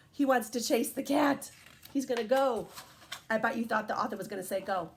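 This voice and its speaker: A woman's voice: fairly high pitch, brisk, creaky. A woman reading a picture book aloud to young children, asking them questions as she goes. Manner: warm, animated, questions to young listeners.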